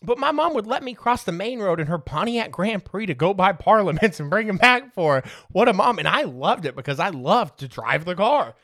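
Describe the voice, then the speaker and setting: A man's voice: sits high, sing-song, brisk, hardly any pauses, pushed and bright, no echo, studio quality. A man in his thirties hosting a podcast, telling casual stories, swearing freely and laughing through them. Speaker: podcast host. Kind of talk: casual storytelling.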